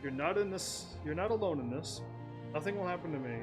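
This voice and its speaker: Over game music, a gaming streamer casually commentates as he plays, reading the dialogue aloud with frequent laughter and playfulness. His voice sits on the high side, and his delivery is expressive and brisk.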